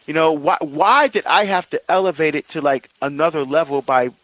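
A middle-aged man hosts a talk, telling a personal story in a rambling way full of fillers and restarts. His voice sits a little high for a man. The recording is dry and close, with no room echo. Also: a little fast, a bit bright. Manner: rambling, many fillers and restarts, self-questioning. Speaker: host of a marriage series.

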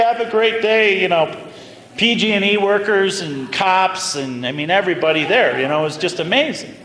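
A man preaching, with an animated, conversational storytelling manner. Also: high-pitched. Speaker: pastor. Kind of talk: storytelling sermon. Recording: roomy hall reverb, faint noise.

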